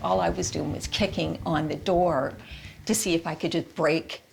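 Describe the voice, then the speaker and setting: A middle-aged woman from Canada giving a halting interview testimony, repeating words and quoting her own thoughts. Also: sits low, steady tone, gravelly, faint music behind. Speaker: interviewee recounting her experience.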